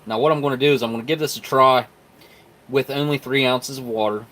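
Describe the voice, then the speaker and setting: A man's voice: medium pitch, fairly even intonation, brisk, a bit bright. A man hosting a live stream, chatting casually and folksily to viewers as he tastes and mixes food and drinks. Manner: chatty, folksy, talks to viewers while tasting. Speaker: live stream host reviewing military rations.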